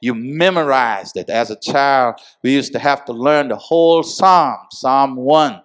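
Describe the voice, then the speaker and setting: A man preaching a sermon to a congregation, with call-and-response phrases, rising from calm teaching to shouted emphasis. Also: medium pitch, measured pace. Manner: repeats "come on, y'all" and "amen". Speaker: pastor.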